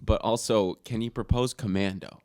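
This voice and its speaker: A man's voice: fairly low pitch, steady tone, moderate pace, darkish tone, no echo, clean studio sound. A young man co-hosting a podcast in casual banter, teasing, laughing and swearing freely. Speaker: podcast co-host.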